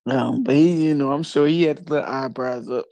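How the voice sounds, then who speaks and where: A woman in casual chat, telling funny stories with lots of laughs and bursts of high-pitched voices for the people she quotes. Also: moderate pace, dry recording. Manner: animated storyteller, laughs often, jumps into high voices for quotes.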